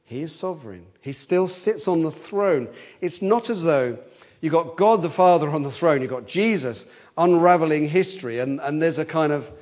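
A man with a darkish tone and lively intonation preaches an expository sermon at a moderate pace. His manner is earnest, with repeated words as he thinks aloud, and his voice swells in pitch and force on quoted cries.

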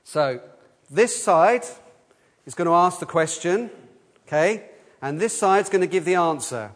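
A man leading a children's talk in church, lively, asking the room questions and leading call-and-response answers. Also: high voice, unhurried. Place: church hall. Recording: long hall reverb.

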